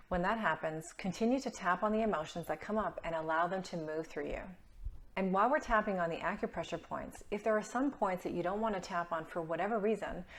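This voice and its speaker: Calm, gentle woman guiding a meditation. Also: fairly low pitch. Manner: calm, gentle and encouraging, slowing down for statements to repeat. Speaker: wellness coach leading a tapping meditation. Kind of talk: guided meditation instruction.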